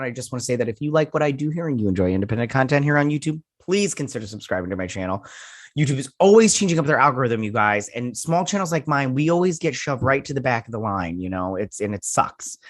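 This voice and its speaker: A man's voice: medium pitch, a bit bright. American male host, casual rambling reviewer, filler-heavy chat. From United States. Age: adult with children. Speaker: YouTube show host.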